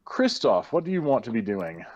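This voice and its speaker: Give me a relaxed man as game master, on a dull-sounding mic. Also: mid-range voice, normal speed, background noise. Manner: relaxed, filler-heavy. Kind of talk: narrating a tabletop game.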